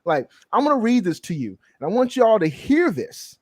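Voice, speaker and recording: A man from the Southern United States hosting a casual comic-review podcast, animated and joking, with frequent laughs and restarts. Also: sits high, moderate pace, dry recording, studio quality. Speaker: podcast host. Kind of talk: casual chat.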